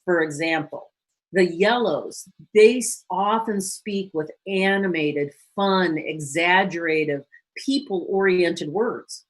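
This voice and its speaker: Husky-voiced woman giving a lively talk. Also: fairly low pitch, slow pace. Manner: lively, acts out short quoted phrases. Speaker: guest speaker and counselor. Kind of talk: teaching talk to a church audience.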